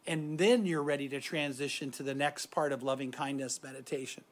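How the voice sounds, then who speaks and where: A middle-aged man giving a reflective devotional talk on meditation, soft-spoken and often trailing off quietly. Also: medium pitch, fairly even intonation, a little fast. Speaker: Christian speaker guiding meditation.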